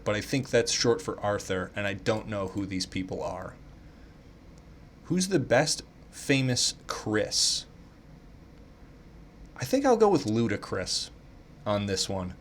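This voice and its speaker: A man sitting at home talking through silly online quizzes, voicing his picks as they come to him. He swears freely and plays up indignation for laughs. His voice sits at an ordinary middle pitch. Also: slight background noise. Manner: off-the-cuff, swears freely, thinks out loud with playful indignation. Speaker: YouTuber taking online quizzes. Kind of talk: casual commentary while taking quizzes.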